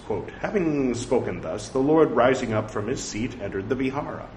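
A man reading scripture aloud, saying the quotes and punctuation out loud and breaking off for chatty side remarks. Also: medium pitch, animated, fairly quick, few pauses. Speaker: scripture reader. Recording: echoey room with faint background noise.

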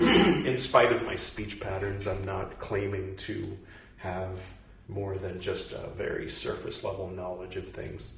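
A man in his forties reads a book aloud in a low voice and keeps wandering off into loose, self-interrupting side stories. He keeps apologizing for the detours. The sound is roomy, with the voice set back from the microphone. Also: a little hiss or hum. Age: 40s. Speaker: reader and commentator. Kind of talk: reading aloud with casual commentary. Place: room in Goa, India. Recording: roomy sound, distant from the mic.

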